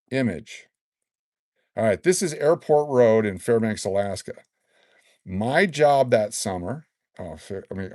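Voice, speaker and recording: A man in his sixties hosting a casual live stream, excitedly reading out collectible cards and rambling into stories. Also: on the low side, no room sound, clean studio sound. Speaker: livestream host giving away collectible cards.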